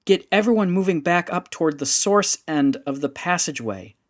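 Give me a man playing a clipped, commanding woman commander, lifted a bit in pitch. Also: moderate pace, lightly acted. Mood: shouting. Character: woman commander, urgent, decisive leader.

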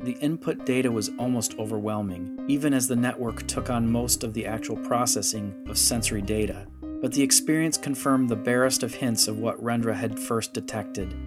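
A man narrating a science fiction audiobook in a steady, measured storytelling voice. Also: medium pitch.

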